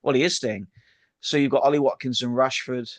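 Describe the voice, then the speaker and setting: A man co-hosting a football chat show, his voice at an ordinary middle pitch. He chats easily and moves the talk along to the next story. The recording is dry and close-up. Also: steady tone, brisk, no echo. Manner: chatty, steers the talk onto new topics. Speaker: podcast co-host.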